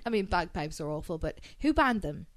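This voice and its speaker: A woman co-hosting a podcast in casual chat, chatty and excitable, quick to laugh, with casual swearing. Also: on the low side. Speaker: podcast co-host.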